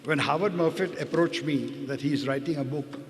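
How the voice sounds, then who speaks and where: A man's voice: a little high, normal speed. Older Indian man, hesitant talk in a hall. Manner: hesitant, repeats words, apologetic asides. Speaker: doctor. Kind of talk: personal testimony talk. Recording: reverberant hall, faint background noise.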